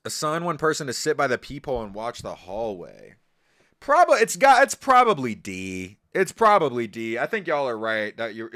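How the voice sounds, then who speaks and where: A man's voice: medium pitch, fairly bright tone. A man live-streaming, reacting in a casual, profane, incredulous and mocking way. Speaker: livestreamer.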